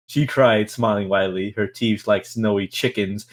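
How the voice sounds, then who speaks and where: A man's voice: lowish voice, fairly even intonation, normal speed. A man reading a novel aloud on a stream in a casual way, with stumbles, restarts and stifled laughs.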